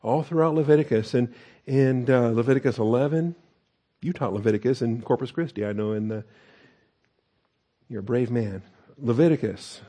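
Mellow-voiced man preaching a casual sermon. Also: medium pitch, moderate pace, pauses often, husky. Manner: conversational, humorous asides. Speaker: pastor teacher.

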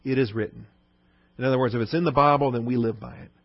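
A man's voice: mid-range voice, fairly even intonation, fast talker, gravelly, no room sound, highs cut off. A male pastor preaching an expository sermon, stressing points with repetition and rhetorical questions. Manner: emphatic, rhetorical questions, repeats key points.

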